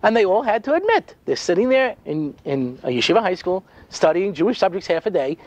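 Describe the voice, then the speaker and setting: Animated man telling a comic story. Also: high-pitched, a little fast, no echo, dull audio. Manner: animated, comic, dry sarcasm, frequent "you know". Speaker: rabbi giving a talk. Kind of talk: humorous storytelling lecture.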